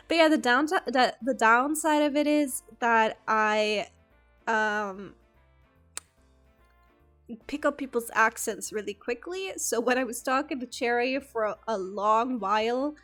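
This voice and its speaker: A woman whose first language is German chats casually on stream, rambling and giggling at her own stories. Her voice sits a little high, and soft music plays faintly in the background. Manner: rambling, giggly, self-deprecating. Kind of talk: casual chat with stream viewers.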